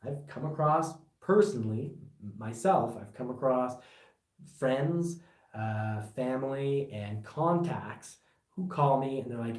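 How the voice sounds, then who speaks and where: A man from Canada giving casual car-buying advice as a vlog host, getting animated and worked up, with rambling restarts. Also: medium pitch, a little slow, distant mic. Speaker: car reviewer. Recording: echoey room, voice a bit off-mic.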